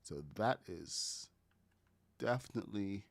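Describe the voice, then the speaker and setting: Deep-voiced Caribbean man streaming. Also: lively intonation, takes it slowly, gravelly. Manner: thinks aloud, talks to chat while building. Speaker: gaming streamer. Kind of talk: casual building tutorial commentary.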